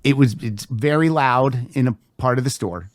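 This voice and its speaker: A man's voice: mid-range voice, moderate pace, no room sound, clean studio sound. A man in his fifties hosting a podcast, telling a story in a chatty way, cursing freely and laughing along. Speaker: podcast host. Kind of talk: casual storytelling chat.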